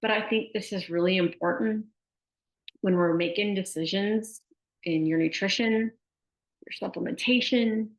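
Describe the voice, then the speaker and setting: A woman's voice: medium pitch, measured pace. A middle-aged woman, a sports nutrition specialist, chatting casually and telling stories, often tossing in "like" and "right?". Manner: chatty storyteller, frequent "like" and "right?". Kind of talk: casual conversational advice. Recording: echoey room, dull lo-fi sound.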